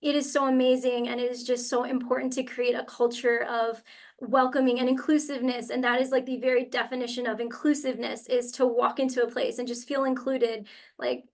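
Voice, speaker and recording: A young woman speaks on a video-call webinar panel, her voice sitting a little high. She tells her story in a heartfelt, animated way, full of small fillers and restarts. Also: a little fast. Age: young adult. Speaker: webinar panelist from a university career center.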